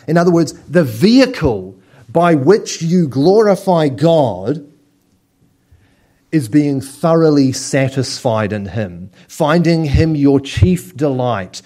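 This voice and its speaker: A man preaching a sermon as pastor, telling lively stories and acting out little scenes. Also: fairly high pitch.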